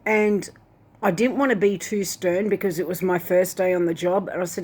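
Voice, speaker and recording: A woman's voice: lowish voice, fairly even intonation, moderate pace, darkish tone, husky. Woman rambling through a dream account. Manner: rambling, many fillers like "like" and "and that". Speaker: Christian video host. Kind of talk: casual dream retelling.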